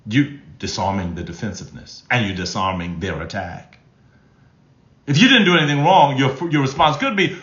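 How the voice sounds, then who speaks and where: A man's voice: fairly low pitch, animated, moderate pace, a bit bright. A man hosting a live stream as a relationship coach, reading chat comments and talking emphatically, repeating his key phrases and often restarting his sentences. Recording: roomy, slightly dull sound.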